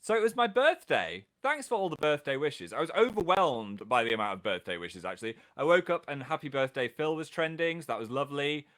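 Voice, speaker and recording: A man's voice: on the high side, very animated, a little fast, hardly any pauses, a bit bright. A man hosting a casual livestream, chatting playfully and reading out viewers' comments with a jokey, self-mocking manner. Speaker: livestream host.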